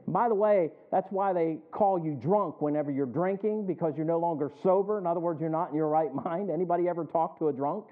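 Male pastor, call-and-response sermon, fairly high voice, phone-thin audio. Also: fast, few pauses, narrow, tinny audio. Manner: asks the congregation to finish his sentences.

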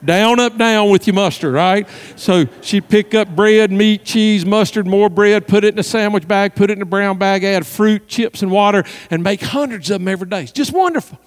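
High-voiced male pastor telling a story. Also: moderate pace, few pauses. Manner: animated storyteller, drops to soft hushed tones. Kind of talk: storytelling sermon. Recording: long hall reverb.

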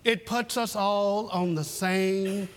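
High-voiced preacher in a reverberant hall. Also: male voice, fairly even intonation, slow pace, a bit bright. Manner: folksy, repetitive storytelling with humor. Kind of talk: sermon. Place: church sanctuary.

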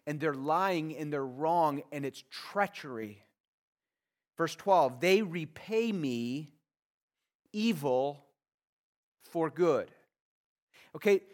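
A man preaching a sermon, reading verses aloud and then explaining them with rising, earnest pleas. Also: high-pitched. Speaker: pastor.

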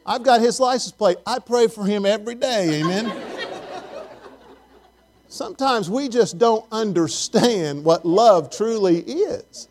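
Folksy high-voiced preacher. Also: male voice, animated, a little slow, a little mellow, a faint crowd. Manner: folksy, asks the congregation questions. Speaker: pastor. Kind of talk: conversational sermon.

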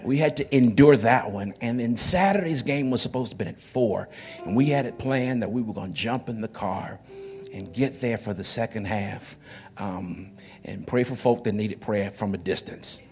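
A man's voice: fairly low pitch, moderate pace, faint music behind. A man preaching to his congregation in church, folksy and joking, often repeating his words. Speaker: pastor. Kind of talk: sermon. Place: church sanctuary.

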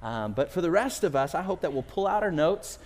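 A man preaching a sermon to his congregation, telling a self-deprecating story from his youth with lively, animated delivery in a church sanctuary. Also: a little high, a little fast. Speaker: pastor. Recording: long reverb in a large hall.

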